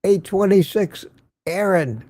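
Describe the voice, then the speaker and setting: A man's voice: high-pitched, lively intonation, slow pace, warm tone, no room sound. An older man hosting a casual morning livestream, chatting and greeting viewers by name as he reads their comments. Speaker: livestream host.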